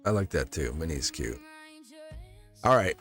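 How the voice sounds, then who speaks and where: A man's voice: extremely low pitch, sing-song, measured pace, vocal fry, fairly bright tone, faint music behind. A man hosting a live tarot reading stream, talking casually to viewers in a chatty, upbeat way, often laughing and restarting his sentences.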